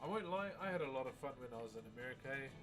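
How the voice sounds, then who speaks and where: A man's voice: mid-range voice, lively intonation, very fast. A man chatting casually with his live-stream viewers while he carves, laid-back and chatty, peppering his talk with "eh?" and "bro". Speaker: livestreamer. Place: home streaming setup while wood carving. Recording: music bed under voice. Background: music playing.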